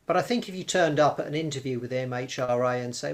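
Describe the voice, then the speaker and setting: A man speaking as an interview guest, his mid-pitched voice carrying a gravelly, creaky texture. He argues his points with rhetorical questions and drifts into little acted-out scenarios. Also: fast, hardly any pauses. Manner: animated, rhetorical, acting out hypothetical pitches. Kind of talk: conversational interview.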